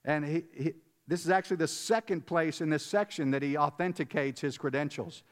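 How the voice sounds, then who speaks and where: A man with a somewhat high, steady voice, speaking a little fast, preaches a conversational sermon. He is emphatic, repeats words, chuckles and asks his audience questions, with the long reverb of a large hall around him.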